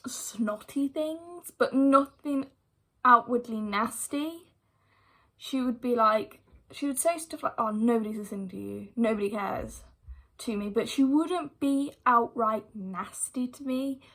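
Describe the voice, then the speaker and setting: A young woman with a slightly high voice tells a story from her school days in a storytime vlog. She talks casually and directly to her viewers, and drops "like" all through her sentences. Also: fairly bright tone. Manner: chatty retelling full of "like" fillers. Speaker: vlogger.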